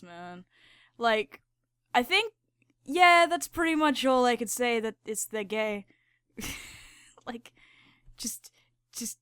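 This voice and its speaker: A woman's voice: medium pitch, a bit bright, smooth, no room sound, clean studio sound. A woman hosting her own channel, giving rambling, profane, giggly casual commentary while she draws. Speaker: channel host.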